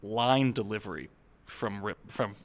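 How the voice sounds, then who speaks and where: A man's voice: on the low side, unhurried. A man interviewing guests, asking playful, teasing questions in a casual chat. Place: studio at a convention.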